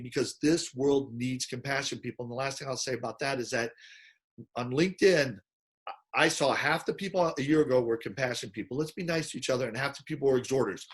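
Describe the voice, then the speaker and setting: A man hosting a casual conversation, telling lively stories and acting out the people in them. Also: medium pitch. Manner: animated storyteller, acts out quoted voices. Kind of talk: casual chat.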